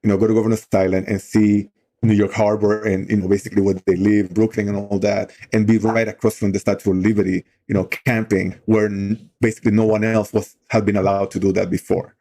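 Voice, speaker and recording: Earnest man with a low, mellow voice. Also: level tone, a little fast. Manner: earnest, heartfelt, frequent "you know" fillers. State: emotional while telling the story. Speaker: guest on a talk show, outdoor program leader. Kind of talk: conversational storytelling.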